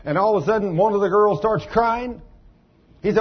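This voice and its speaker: Folksy preacher with a husky voice. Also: male voice, high voice, a little fast, dull audio. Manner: folksy, animated, acts out voices and shouts for emphasis. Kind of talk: sermon with testimony storytelling.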